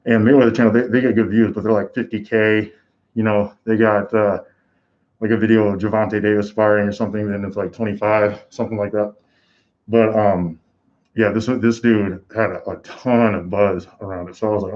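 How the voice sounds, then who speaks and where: A man with a fairly low voice hosts a live reaction commentary and rambles casually through his thoughts, full of fillers and restarts. The sound is dull and lo-fi, like a basic home mic. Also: brisk, a little mellow. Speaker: host.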